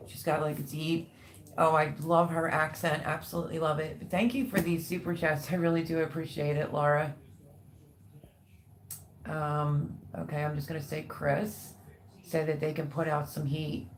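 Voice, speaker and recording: A woman hosting a casual livestream, chatting and reading viewer comments aloud with warm, gushing thanks. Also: low-pitched, little pitch movement, normal speed, slight background noise. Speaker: livestream host.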